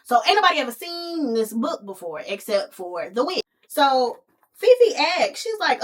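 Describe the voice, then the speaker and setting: Animated, sassy woman podcast host. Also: high-pitched, moderate pace. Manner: animated, sassy, calls listeners honey and baby. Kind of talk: casual movie recap.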